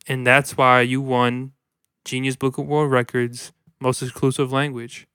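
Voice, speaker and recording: A man's voice: mid-range voice, little pitch movement, measured pace, sharp tone, clear, resonant tone, no room sound, studio quality. A man co-hosting a casual podcast, joking crudely in a laid-back way with lots of fillers. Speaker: podcast co-host.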